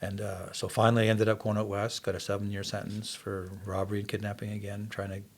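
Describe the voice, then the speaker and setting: A man's voice: lowish voice, little pitch movement, fast talker, gravelly. A man in his sixties from Canada, earnestly telling his life story as a podcast guest. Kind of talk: testimony in casual interview.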